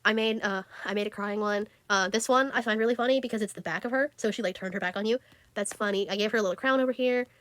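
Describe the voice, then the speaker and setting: A woman's voice: medium pitch, fast talker, fairly bright tone, dry recording. A teenage girl chatting casually about her drawings, giggly and full of fillers. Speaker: art vlogger. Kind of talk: casual chat.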